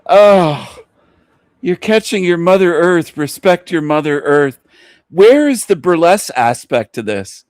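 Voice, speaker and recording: A man's voice: fairly high pitch, lively intonation, measured pace, a little mellow, smooth, no room sound. A man giving mocking reaction commentary on a video, crude and incredulous, often breaking into laughter. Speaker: video reviewer.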